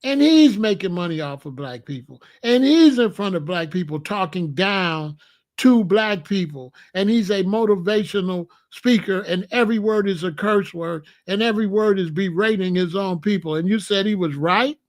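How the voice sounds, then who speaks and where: Argumentative male commentary host, high voice. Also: expressive, moderate pace. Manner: argumentative, piling up rhetorical questions. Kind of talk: reaction commentary.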